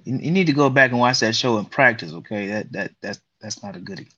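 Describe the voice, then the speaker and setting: A man's voice: mid-range voice, expressive, fairly quick, pushed and bright, no room sound. A joking man co-hosting a podcast, ribbing the others in casual banter. His recording sounds a bit dull and muffled, with the top end rolled off. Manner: teasing, joking. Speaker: podcast co-host.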